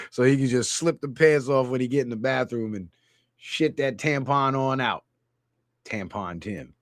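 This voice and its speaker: A man's voice: medium pitch, measured pace, pauses often, dry recording, clean studio sound. A man hosting a ranting comedy commentary, crude and mocking, laughing at his own jokes. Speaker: channel host.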